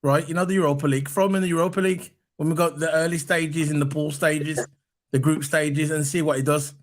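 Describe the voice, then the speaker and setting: A man with a fairly high voice talks through a casual football chat as host. He is animated and keeps repeating his points for emphasis. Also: quick pace.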